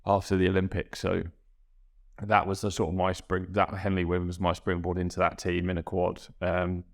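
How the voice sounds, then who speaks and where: A young man, a guest rower, reflecting in a halting, self-correcting way in a casual podcast interview. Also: deep voice, completely flat delivery.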